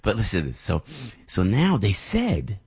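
An older radio host telling a rambling personal story in a chatty, animated way. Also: male voice, on the low side, normal speed, breathy edge, no echo. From Italian-American. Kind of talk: casual storytelling monologue.

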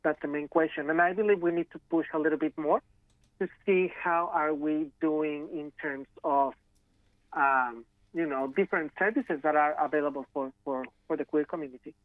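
A man's voice: a little high, dry recording. Man from Australia over a tinny phone line, dry, hesitant, repeats himself. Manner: halting, repeats words while thinking. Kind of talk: casual discussion.

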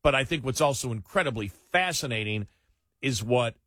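A man's voice: medium pitch, expressive, normal speed, fairly bright tone, dry recording, clean studio sound. A man hosting a late-night political talk radio show, emphatic and incredulous, often restarting his words.

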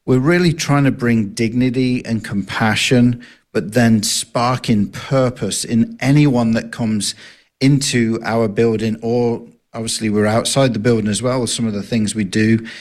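Relaxed male ministry guest on radio. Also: mid-range voice, a little slow. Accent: non-American, from further south than Texas. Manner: easygoing, joking, with hesitant fillers. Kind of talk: radio interview.

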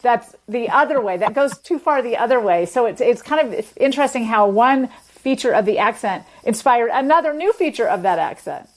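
A woman's voice: fairly high pitch, animated, moderate pace, hardly any pauses. A woman guest explaining dialect features in an interview, articulate and patient, illustrating points with examples. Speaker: linguist guest.

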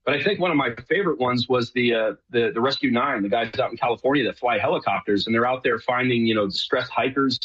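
A man's voice: mid-range voice, fast talker, few pauses, a bit bright, husky, highs cut off. A middle-aged man from New York, a guest talking earnestly in a rambling way, often restarting his sentences. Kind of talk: casual remote interview.

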